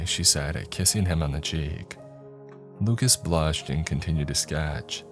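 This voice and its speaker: Deep-voiced male story narrator. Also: measured pace, soft background music.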